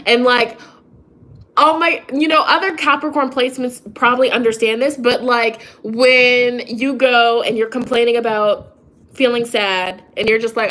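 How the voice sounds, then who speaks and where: A woman's voice: on the high side, steady tone, normal speed, pushed and bright, poor audio. A young woman rambling and confiding in a casual vlog, often restarting her sentences and laughing. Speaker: tarot reader and vlogger. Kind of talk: casual chat to camera.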